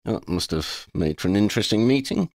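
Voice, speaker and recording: A steady, sensible young wizard who offers advice with a dry sense of humor, as voiced by a man reading aloud. He sounds close to the reader's own voice, with a gravelly edge, in a dry close recording. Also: fairly low pitch, no echo, pitched above the performer's own voice. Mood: measured. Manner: dry, measured.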